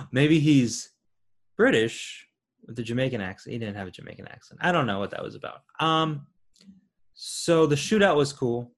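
A man's voice: medium pitch, expressive, a little fast. A man co-hosting a casual film review chat, laid-back with dry quips. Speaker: podcast co-host.

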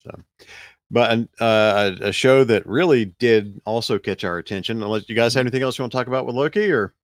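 A man's voice: medium pitch, fairly quick, dry recording, clean studio sound. A man with a Southern US accent from south Alabama, co-hosting a casual podcast chat, rambling and searching for words with laughs in between. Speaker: podcast co-host.

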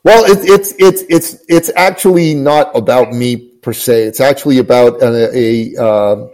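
A man's voice: mid-range voice, unhurried, darkish tone, low-quality recording. Earnest coach guy, mid voice, keeps repeating himself for emphasis. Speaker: guest, business coach. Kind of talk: inspirational storytelling.

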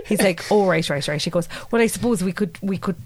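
A woman with an Irish accent, co-hosting a podcast, tells a lively story and often laughs and acts out what people said. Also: on the low side, fast talker. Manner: animated, laughing often, mimics voices in quotes. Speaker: podcast co-host. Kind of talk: casual storytelling chat.

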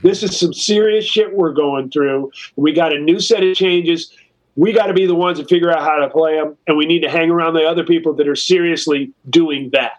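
A man with a fairly high voice tells a story in a relaxed interview, loose and profane, with lots of "you know" and "like". He slips into quick, quoted bits of dialogue as he goes. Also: lo-fi sound. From California. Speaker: guest musician. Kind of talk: casual storytelling.

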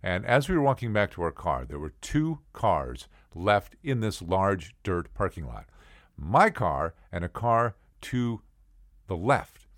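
A middle-aged man with a low voice tells a personal tale, swinging his pitch widely as he goes. He talks casually and chattily, turning to the listener with asides and acting out the people in his story. The sound is dry and close, with no room around it. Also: a little slow, no echo. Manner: animated, acts out the other people's voices. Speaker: podcast storyteller.

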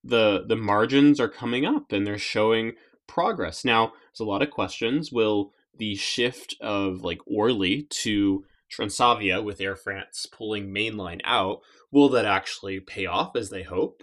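A man's voice: on the low side, measured pace, fairly bright tone. A man co-hosting a podcast, speaking casually with many fillers and repeated words. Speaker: podcast co-host. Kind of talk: casual chat.

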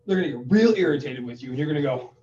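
A man with a slightly high voice talks rapid-fire in an echoey room, co-hosting a casual money-advice podcast. He tells stories with animation and acts out both sides of phone calls, recorded on a distant mic with a dull lo-fi sound.

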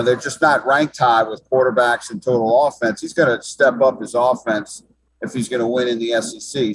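A man's voice: medium pitch, husky, no room sound, poor audio. A man giving sports talk commentary as an analyst, emphatic and often repeating words as he thinks.

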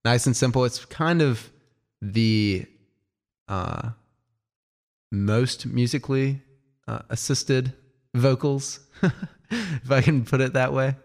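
A man co-hosting a casual album review, enthusiastic but halting, with many ums. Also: medium pitch. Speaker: music review co-host.

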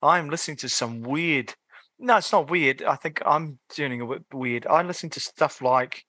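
A man with a husky, bright, fairly high voice chats on a podcast. His remarks are wry and teasing, and he is recorded dry and close. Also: moderate pace, no room sound. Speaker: podcast co-host. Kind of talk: casual chat.

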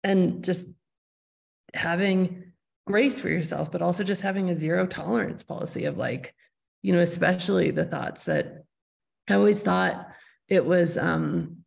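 A woman's voice: on the low side, unhurried, vocal fry, darkish tone. A woman hosting a podcast interview, talking in a thoughtful, searching way with frequent restarts. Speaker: podcast host. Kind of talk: reflective conversational interview.

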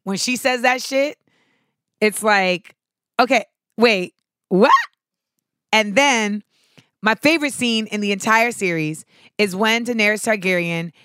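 A young woman hosting a podcast, chatting casually and comically, swearing freely and breaking into shouts as she acts out scenes. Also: mid-range voice, unhurried, long pauses, clean tone, dry recording, clean studio sound. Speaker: podcast host. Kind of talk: casual comedic monologue.

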